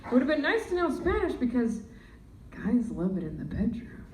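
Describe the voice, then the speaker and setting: A young adult woman performing a stand-up comedy set, animated and slipping into put-on voices. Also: fairly high pitch, normal speed, heavy background noise. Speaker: stand-up comic. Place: comedy club stage. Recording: roomy club sound from far off, loud audience.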